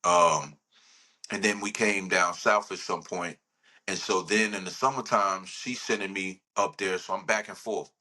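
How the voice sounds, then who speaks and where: A man's voice: sits low, fairly even intonation, a little slow, sharp tone. A man, a rapper talking in a casual podcast interview, rambling and laid-back. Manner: laid-back, rambling, says "you know what I'm saying" often.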